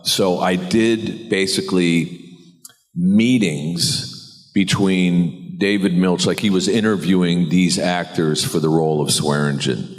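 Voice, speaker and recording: A man's voice: rumbling low, in a large hall. A man, an actor on a convention panel, telling a rambling, self-deprecating anecdote and laughing often. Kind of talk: anecdote storytelling.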